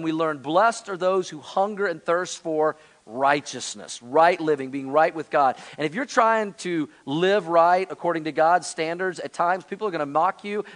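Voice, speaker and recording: A man in his forties, a pastor, preaching a sermon in an earnest, conversational way to his congregation. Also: fairly high pitch. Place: church sanctuary.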